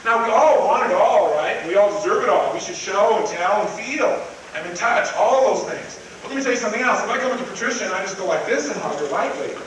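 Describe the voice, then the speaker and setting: A man in his twenties giving a live seminar talk, animated, swinging between loud points and hushed tender tones, recorded from a distance in a large room. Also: high voice, fast talker. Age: 20s. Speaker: seminar speaker. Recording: very echoey, distant, noisy old live recording.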